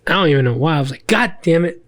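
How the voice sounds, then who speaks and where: A man, a little drunk, telling profane stories in an animated way in a casual podcast chat. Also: a little high, very fast. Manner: profane, animated storyteller acting out his own yelling. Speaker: podcast host.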